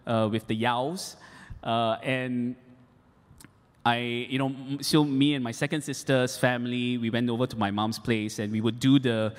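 A man's voice: medium pitch, steady tone, normal speed. A man preaching a sermon as a pastor, repeating key points for emphasis, in an echoey church hall.

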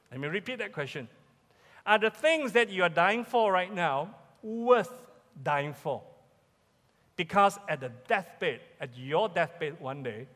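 High-voiced Malaysian pastor preaching in a hall. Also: male voice, a bit bright. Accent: Malaysian English. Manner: emphatic, repeats key questions. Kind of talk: sermon. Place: church sanctuary.

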